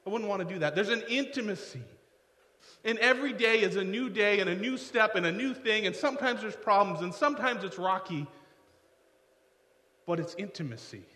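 A man's voice: high voice, animated, a little fast, sharp tone, roomy sound, long reverb tail. A male pastor giving a conversational sermon, often drifting into side notes and joking at his own expense. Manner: conversational, digressive, self-deprecating asides.

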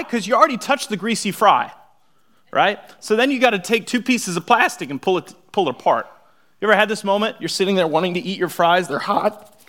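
A young adult man gives a sermon to his congregation, mixing scripture with humorous everyday stories. His voice sits a little high and stays animated, jumping from loud exclamations down to hushed, intimate asides. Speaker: pastor.

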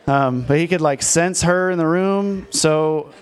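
A man's voice: fairly high pitch, measured pace, clear, resonant tone. Candid, self-deprecating male pastor. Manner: candid, self-deprecating storytelling with frequent fillers. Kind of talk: conversational sermon with personal story.

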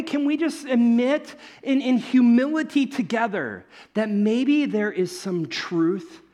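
A man preaching a sermon as pastor in a church, conversational and animated, often acting out the voices he quotes. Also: high-pitched.

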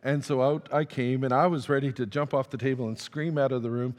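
A male pastor tells a story from the pulpit in an easy, self-deprecating manner. His voice sits at an average pitch. The sound rings with the long reverb of a large church hall. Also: fairly even intonation, fairly quick. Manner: conversational, self-deprecating, acts out quoted dialogue. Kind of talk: storytelling sermon. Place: church sanctuary.

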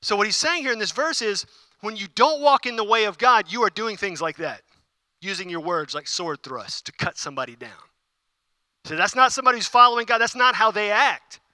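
A man's voice: high voice, expressive, fairly quick, pushed and bright, no room sound. A man preaching a sermon, emphatic and repeating key phrases, with conversational asides to the congregation. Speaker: pastor.

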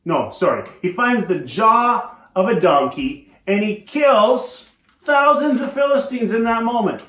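A man with a high voice preaches in a church, retelling a story with lively energy and wry asides. His voice rings around an echoey church room. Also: unhurried. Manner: animated storytelling with joking asides. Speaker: pastor. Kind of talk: sermon.

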